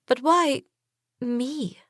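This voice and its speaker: A woman's voice: drawn-out words, a bit bright, no echo, studio quality, full character voice. A woman doing a frightened young runaway. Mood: pleading. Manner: pleading, voice climbing high.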